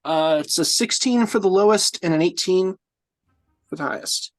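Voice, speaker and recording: A woman's voice: on the low side, normal speed, no echo, faint music behind. A woman playing in a tabletop game, casual, swearing and laughing as she checks her rules. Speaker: player.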